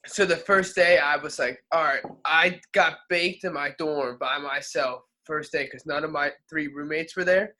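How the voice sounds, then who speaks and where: A young man telling funny stories in casual podcast chat, slangy and profane, acting out the people he quotes in lively voices. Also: fairly high pitch, moderate pace, hardly any pauses. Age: young adult. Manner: laid-back slangy talk, profane. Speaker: podcast co-host.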